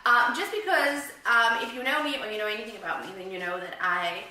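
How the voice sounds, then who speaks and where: A woman's voice: mid-range voice, brisk, sharp tone, slight background noise. Chatty South African woman, echoey room. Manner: rambling, chatty, laughs at herself. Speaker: vlogger. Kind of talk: casual chat to camera. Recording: very echoey room, mic far off.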